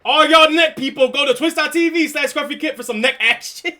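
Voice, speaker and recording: A man's voice: very high-pitched, normal speed, pushed and bright. A man streaming live, joking with his chat and laughing often in a casual reaction style.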